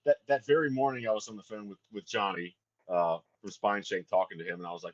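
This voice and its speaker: A man's voice: fairly low pitch, steady tone, quick pace, muffled recording. A man, a band's singer, telling a story in a casual chat, profane and laughing as he goes. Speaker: band vocalist and guest.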